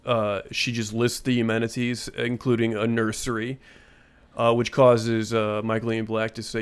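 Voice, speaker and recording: Laid-back man with halting podcast chatter. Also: medium pitch, clean tone. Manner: relaxed, hesitant with many uh fillers. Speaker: podcast co-host. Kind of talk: casual comedy podcast chat.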